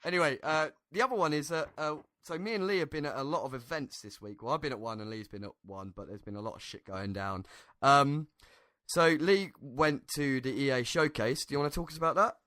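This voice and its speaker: A man's voice: fairly high pitch, fairly quick, pushed and bright, no echo, clean studio sound. A man hosting a gaming podcast, laid-back and rambling, often laughing. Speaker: podcast host. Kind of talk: casual chat.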